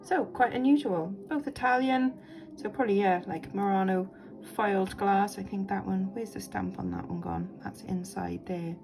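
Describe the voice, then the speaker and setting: A woman's voice: mid-range voice, normal speed, vocal fry, music in the background. A woman, chatting enthusiastically as she shows vintage jewellery in a casual vlog, thinking aloud with lots of ums. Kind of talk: casual show-and-tell vlog.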